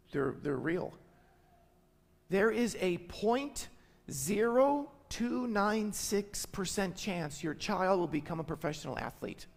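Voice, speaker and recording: A middle-aged man preaching as a pastor, emphatic and repeating phrases for stress. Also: high-pitched. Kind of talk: sermon. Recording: long hall reverb.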